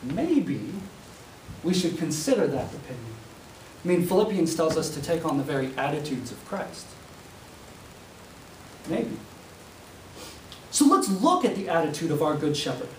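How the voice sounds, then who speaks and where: Animated preacher in an echoey classroom. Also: male voice, on the high side, measured pace, pauses often. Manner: animated storytelling preacher, acts out voices. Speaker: preaching student. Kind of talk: sermon. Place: university classroom. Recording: echoey classroom, mic far off, faint hiss.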